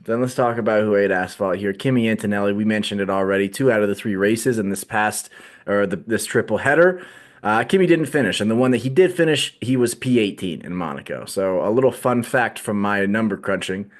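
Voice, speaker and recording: A man's voice: fairly low pitch, a little fast. A man co-hosting a podcast, chatting casually and joking with frequent laughs. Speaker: podcast co-host. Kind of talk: casual chat.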